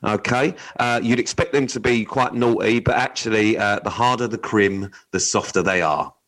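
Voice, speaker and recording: A man's voice: lowish voice, moderate pace, fairly bright tone, rough recording. A man co-hosting a podcast, chatting casually and reading odd news items aloud in a blunt, joking, sweary way. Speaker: podcast co-host.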